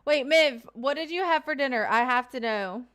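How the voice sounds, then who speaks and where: Streamer woman from Kentucky, bit higher voice, smooth and clean, loose chatty delivery. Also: a bit bright. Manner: chatty, loose, with fillers and quick asides. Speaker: live streamer. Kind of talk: casual chat reading viewer comments.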